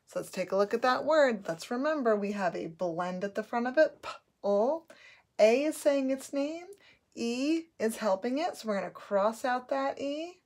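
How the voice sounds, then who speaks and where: A woman's voice: fairly high pitch, animated, a little slow. A woman teaching a phonics lesson, sounding out letters and words patiently for children to repeat.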